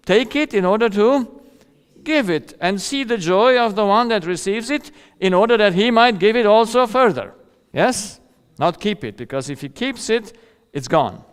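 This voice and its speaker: A man's voice: high-pitched, clear, resonant tone, in a large hall. A man giving a seminar lecture in a conversational way, often checking in with "yeah?" and chuckling at his own stories. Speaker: seminar speaker.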